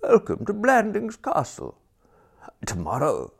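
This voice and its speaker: A man's voice: high voice, wildly swooping pitch, unhurried, gravelly, husky, pitched above the performer's own voice, heavily acted. A man voicing a vague, kindly elderly earl who talks eagerly and fussily. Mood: cordial. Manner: eager, fussy, rambling.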